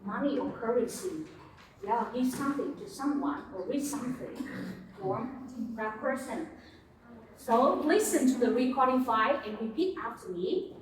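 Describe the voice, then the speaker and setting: A woman's voice: a little high, lively intonation, normal speed, far from the mic, crowd noise. Woman teaching in an echoey classroom. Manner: patient, prompting students and repeating words. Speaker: English teacher.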